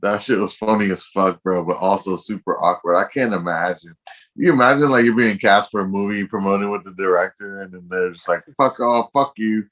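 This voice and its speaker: A man with a fairly low voice co-hosts a podcast. He talks laid-back and casual, with plenty of profane slang. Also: fairly quick, fairly bright tone. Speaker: podcast co-host. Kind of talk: casual chat.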